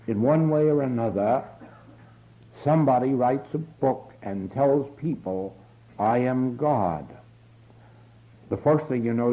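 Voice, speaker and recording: Man, spiritual lecture, slow and deliberate, thin phone-like old tape sound. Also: medium pitch. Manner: slow, earnest, deliberate delivery. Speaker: spiritual teacher. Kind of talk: recorded lecture. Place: church hall. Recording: tinny 1950s archival tape.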